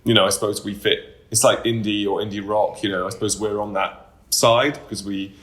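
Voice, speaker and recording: Rambling man, lowish voice. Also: fairly even intonation, a little fast, a bit bright. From United Kingdom. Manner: loose and rambling, many fillers and restarts. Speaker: band member, interview guest. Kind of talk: casual interview talk.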